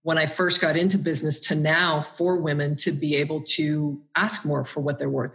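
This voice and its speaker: A woman's voice: deep voice, fairly bright tone. A woman guest on an interview podcast, talking earnestly and reflectively about her own experiences.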